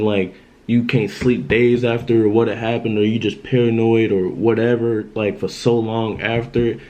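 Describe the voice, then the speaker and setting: A man's voice: mid-range voice, warm tone, poor audio. Young man telling a story casually. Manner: loose, repetitive, keeps asking "you know what I'm saying". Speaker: vlogger telling a personal story.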